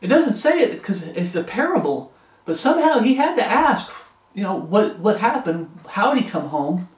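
A man's voice: sits high, sing-song, moderate pace, echoey room. A man preaching a fervent, pleading sermon, quoting scripture in old-fashioned wording.

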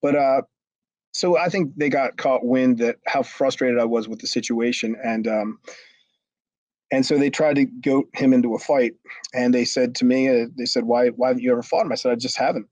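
A man's voice: medium pitch, fairly even intonation, moderate pace, a little mellow, no room sound, low-quality recording. A man, a former wrestler, telling a long backstage story in a rambling way with many restarts. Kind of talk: storytelling interview.

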